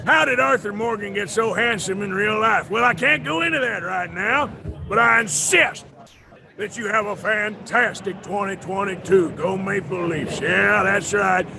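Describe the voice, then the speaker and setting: A gravelly cowboy outlaw. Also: male voice, high voice, normal speed. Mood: folksy warm. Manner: drawling, folksy, teasing. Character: gruff rugged cowboy outlaw man, friendly. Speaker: video message from a game voice actor. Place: busy convention hall. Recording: crowd noise behind, recorded video. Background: crowd chatter.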